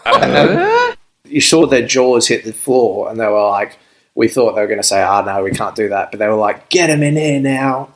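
A man's voice: lowish voice, very animated, moderate pace, fairly bright tone, a little hiss or hum, low-quality recording. A young Australian man, a podcast guest, telling a rambling story in casual chat and laughing as he goes. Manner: laid-back, rambling, laughs through his story.

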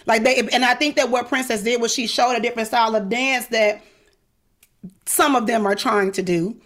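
A middle-aged woman, her voice sitting a little high. She talks candidly and emphatically in an interview. She slips into quick quoted voices to make her case. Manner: emphatic, outspoken, animated with quoted asides. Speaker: podcast host, guest.

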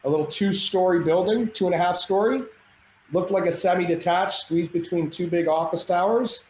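A middle-aged man telling a story as a podcast guest, animated and self-mocking, acting out the dialogue. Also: sits high, moderate pace, a little hiss or hum. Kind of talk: storytelling in casual chat. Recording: roomy echo, faint ambience.

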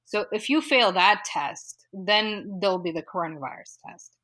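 A woman's voice: mid-range voice, lively intonation, moderate pace, sharp tone. Woman chatting casually on a podcast. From California. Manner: conversational, with frequent fillers and laughs. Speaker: data modeling guest.

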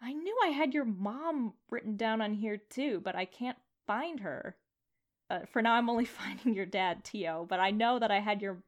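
A woman running a tabletop game, chatty and rambling, with many fillers. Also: medium pitch. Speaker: game master.

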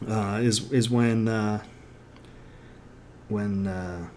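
A man's voice: lowish voice, fairly even intonation, very slow, darkish tone, slight background noise. A man casually retelling scenes from a show in an emphatic, irreverent way, slipping into acted quotes of the characters.

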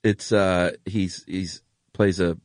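Low voiced guy cohosting a podcast, laid back storyteller, dry close mic. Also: fairly even intonation, slow pace, no room sound. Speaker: podcast co-host. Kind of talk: casual chat.

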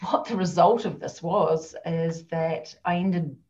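A woman's voice: fairly low pitch, takes it slowly. A middle-aged woman with a New Zealand accent, a podcast guest telling her personal story in a chatty way. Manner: warm, chatty storytelling with fillers. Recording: dull lo-fi sound.

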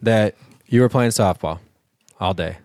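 A man's voice: lowish voice, unhurried, darkish tone, no room sound, studio quality. A man hosting a podcast in a laid-back, rambling way, full of "like" and "you know". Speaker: podcast host. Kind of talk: casual conversational interview.

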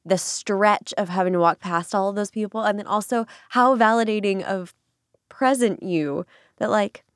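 A woman co-hosting a podcast answers in a warm, affirming way. She sits close to the mic in a dry space with hardly any room sound. Her pitch is in a middle range. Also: moderate pace, no room sound. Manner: supportive, affirming. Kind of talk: casual chat.

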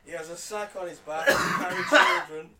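A man co-hosting a casual podcast, dropping deadpan one-liners. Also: a little high, a little fast, crowd noise. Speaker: podcast co-host. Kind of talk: casual banter.

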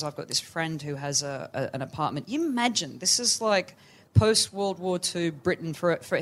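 A woman guest on a live podcast, telling a film story with lively energy and acting out clipped, old-fashioned dialogue. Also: deep voice. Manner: animated storytelling, acts out film lines in clipped old British voices. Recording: live stage mic.

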